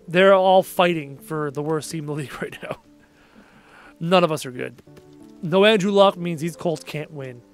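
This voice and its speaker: Tired, chatty man streaming late. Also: sits high. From Canada. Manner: chatty and rambling, trailing off quietly at phrase ends. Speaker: gaming livestreamer. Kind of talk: casual livestream chat, reading viewer comments aloud. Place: home.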